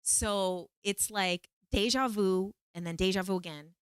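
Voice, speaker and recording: A woman hosting a podcast, telling a story in a casual, animated, rambling way with many fillers. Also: medium pitch, measured pace, clean tone, no room sound, clean studio sound. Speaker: podcast host.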